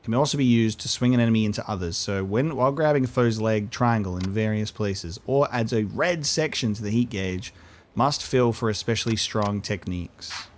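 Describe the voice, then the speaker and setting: A man's voice: fairly low pitch, normal speed, a little hiss or hum. A man hosting a let's play, chatting casually and jokily while he thinks aloud through a game. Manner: animated, jokey, thinks aloud. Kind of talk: casual gameplay commentary.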